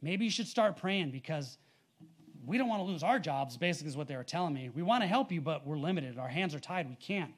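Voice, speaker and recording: A man's voice: a little high, fast talker. A man preaching a sermon, reading scripture with emphasis and telling stories in a casual, conversational way. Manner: animated, rising loud on scripture readings; conversational with fillers and storytelling.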